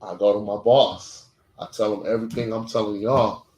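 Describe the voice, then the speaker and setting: A man's voice: lowish voice, fairly even intonation, moderate pace, a little mellow. A man on a podcast telling a personal story in a blunt, profane, emotional way, using short clipped sentences. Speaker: podcast co-host. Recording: echoey room.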